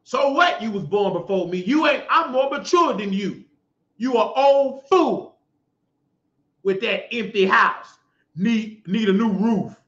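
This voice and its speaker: Man, show host, preachy scolding rant, shouted bursts, high voice, roomy echo. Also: animated, slow. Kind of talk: ranting commentary monologue. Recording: dull lo-fi sound in an echoey room.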